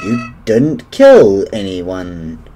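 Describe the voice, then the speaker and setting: A man's voice: huge pitch swings, very slow, dark tone, soft background music, exaggerated voice. A man voicing a sinister, mocking little flower creature with a taunting sing-song manner. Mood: menacing taunting. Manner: taunting, sing-song, swinging wildly in pitch.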